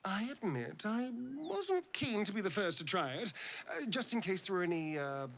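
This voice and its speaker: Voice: medium pitch, very animated, moderate pace, fairly bright tone, a little hiss or hum. An actor voicing a wry, teasing companion in a video game, with a knowing manner. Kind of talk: game character dialogue.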